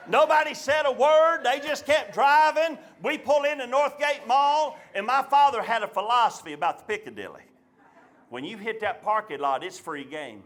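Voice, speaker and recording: A man from the Chattanooga area with a Southern American accent, telling a childhood story in an animated, folksy stand-up style on a live comedy stage. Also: very high-pitched, normal speed, slight background noise.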